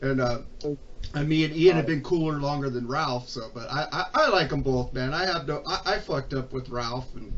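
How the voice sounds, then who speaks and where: A man's voice: mid-range voice, normal speed, a bit bright, distant mic, highs cut off, slight background noise. A man telling a story in casual chat, swearing often, heated and aggrieved. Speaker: podcast guest.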